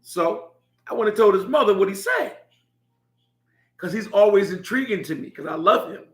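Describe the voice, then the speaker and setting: A man's voice: high-pitched, animated, normal speed, fairly bright tone. A middle-aged man telling a heartfelt story about his son, laughing now and then as he speaks. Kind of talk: personal storytelling. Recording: echoey room.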